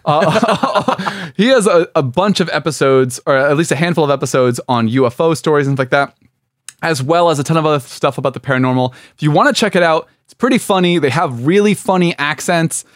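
A young man with a fairly high voice co-hosts a casual podcast, giggling and rambling as the champagne kicks in. His voice is dry and close, with no room sound. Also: fairly quick, no echo. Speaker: podcast co-host. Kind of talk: casual comedic chat.

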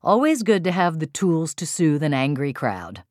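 A woman who leads parenting workshops narrating an audiobook in an expressive, emphatic style. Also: sits low, moderate pace, no echo, clean studio sound. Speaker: author and parenting workshop leader.

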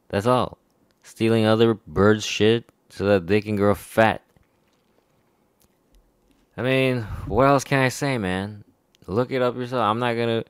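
A man's voice: on the low side, clear, resonant tone, no room sound, studio quality. A man in a rambling, profane monologue to camera, chuckling often between remarks. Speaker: vlogger. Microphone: personal microphone.

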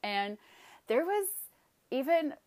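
A woman's voice: high voice, very animated, takes it slowly, darkish tone. A woman telling a personal story with emphatic, vivid retelling, acting out her own outbursts.

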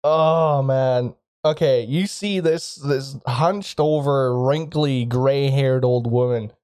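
A man from the UK running a tabletop game, excitable and profane, laughing often. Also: medium pitch, takes it slowly. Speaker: game master.

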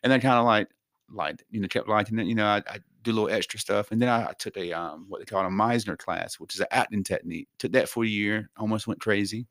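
Low-voiced man rambling in casual chat. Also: fast, fairly bright tone, no echo, studio quality. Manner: rambling, full of fillers and restarts. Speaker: guest, singer, actor and wrestler.

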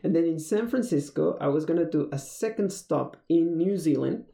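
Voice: mid-range voice, lively intonation, normal speed, gravelly, mellow. A speaker from Mexico, casually telling a personal travel story and rambling with many fillers and restarts. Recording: roomy echo.

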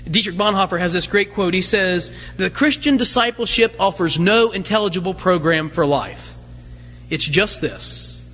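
A man's voice: high-pitched, a bit bright, a little hiss or hum. A man preaching a sermon as pastor, conversational, full of rhetorical questions and light humorous asides. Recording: long hall reverb.

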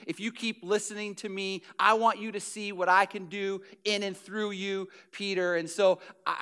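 A man's voice: sits high, sharp tone, smooth. A man preaching a sermon, retelling scripture in an earnest, conversational way with frequent restarts and repeated words.

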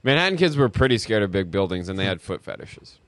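Sarcastic podcast co-host with a lively voice. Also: male voice, fairly low pitch, no echo. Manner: sarcastic, quick deadpan quips. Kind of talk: casual comedy chat.

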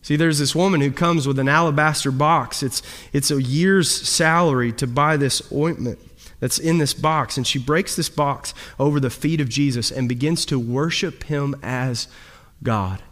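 A man preaching a sermon as pastor, his delivery swinging between loud, high emphasis and low, quiet drops. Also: normal speed.

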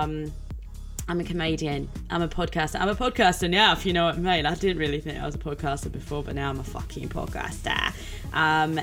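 Excitable 22-year-old Australian woman podcaster. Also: deep voice. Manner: excitable, chaotic, swears a lot, swings into silly voices. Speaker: podcast host and comedian. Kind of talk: casual chat.

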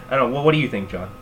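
A young man hosting a podcast, casually recapping manga chapters, laughing and acting out characters in quick voices. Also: mid-range voice, slight background noise. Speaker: podcast host.

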